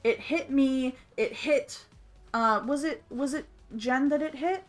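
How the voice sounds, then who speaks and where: Slightly high-voiced woman telling an animated story. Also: takes it slowly, faint music behind. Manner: animated, colloquial, swears freely. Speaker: streamer's wife, co-host of a gaming livestream. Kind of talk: casual storytelling on a livestream.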